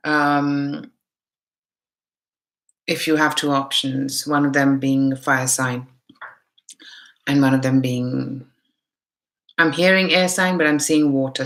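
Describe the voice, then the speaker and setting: With a rumbling low voice and a mixed Indian accent, a woman hosts a live tarot stream. She chats casually, greets viewers by name and thinks out loud as she works through the cards.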